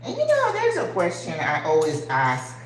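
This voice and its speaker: Her low voice swoops wildly in pitch while she talks at a normal speed. She's an older woman running her own channel, cooking at home and chatting casually in an earnest, emotional way full of rhetorical questions. The recording picks up kitchen echo and faint ambient noise.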